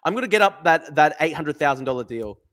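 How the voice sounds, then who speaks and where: A man's voice: on the high side, expressive, fast talker, a bit bright. A man, ranting in livestream commentary, swearing and repeating his points. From Australia. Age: 20s. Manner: ranting, profane, repeats himself. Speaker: streamer.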